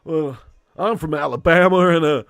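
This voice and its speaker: A man putting on a Southern US accent to voice a boastful hillbilly man, loud and halting. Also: fairly high pitch, no echo, clean studio sound. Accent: put-on Southern US. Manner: loud, halting, laughing through it.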